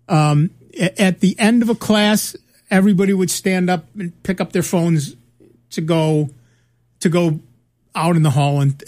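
A man's voice: fairly high pitch, a little mellow. A middle-aged man chatting casually on a show, telling rambling stories with many restarts. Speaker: podcast co-host. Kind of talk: casual chat, storytelling.

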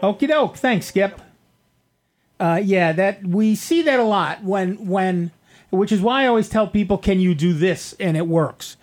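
Chatty high-voiced radio tech host. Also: male voice, unhurried. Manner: chatty, rambling, explains step by step. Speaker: radio computer show host. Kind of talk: call-in radio tech advice. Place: radio studio. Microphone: studio microphone.

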